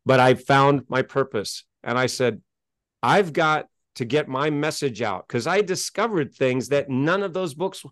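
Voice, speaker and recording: A middle-aged man telling his story as a podcast guest, animated and emphatic, and he gets worked up as he talks. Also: mid-range voice, unhurried, no echo, clean studio sound. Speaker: interview guest.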